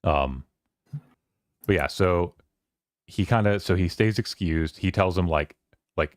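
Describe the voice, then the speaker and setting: A man's voice: sits low, no echo, clean studio sound. A man streaming a casual book club chat, rambling through a novel's scenes with lots of fillers. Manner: rambling, filler-heavy, quoting characters in quick voices.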